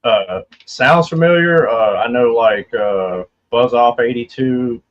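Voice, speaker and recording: A man's voice: mid-range voice, takes it slowly, highs cut off. A man joining a livestream chat as a guest, humble and hesitant, with many fillers.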